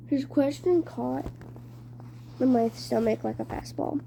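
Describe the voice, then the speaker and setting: A woman reads a novel aloud at a very slow pace, stumbling and restarting often. Her voice is dark and mellow, pitched slightly high. A faint hum sits behind her. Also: creaky. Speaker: reader.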